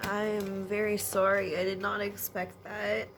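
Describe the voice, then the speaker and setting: A woman giving a spiritual energy reading to viewers at home, speaking in a halting way with sighs and apologetic asides. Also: medium pitch, level tone, fairly bright tone. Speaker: intuitive energy reader. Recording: noisy background ambience.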